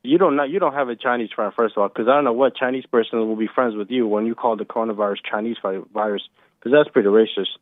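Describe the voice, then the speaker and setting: A man's voice: mid-range voice, fast, no room sound. Argumentative man on a tinny phone line. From United States. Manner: insistent, argumentative, repeats himself. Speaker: caller. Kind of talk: heated call-in argument.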